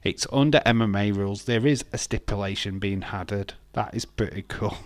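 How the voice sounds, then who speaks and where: A man's voice: fairly low pitch, normal speed, no room sound. A man hosting a live wrestling watch-along, chatting casually in a sarcastic, joking way and swearing freely.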